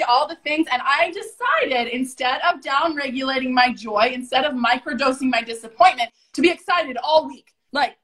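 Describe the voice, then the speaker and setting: A woman's voice: high-pitched, moderate pace, hardly any pauses, a bit bright, low-quality recording. A woman guest telling a story full of swearing, acting out what people said in shifting voices. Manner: swears constantly, acts out quotes in shifting voices. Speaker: podcast guest. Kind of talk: profane storytelling.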